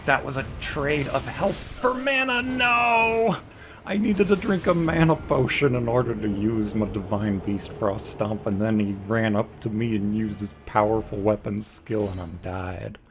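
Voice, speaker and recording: A man giving casual, jokey let's play commentary, talking to the boss as he fights it. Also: on the low side. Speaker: gaming video creator. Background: game music.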